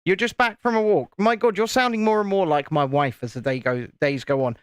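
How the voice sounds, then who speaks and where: Building Lego live, this British man chats in a playful, easygoing way, often stumbling and starting his sentences over. His voice is slightly high for a man, steady, brisk, clear and resonant. The recording is close and dry, with no room sound.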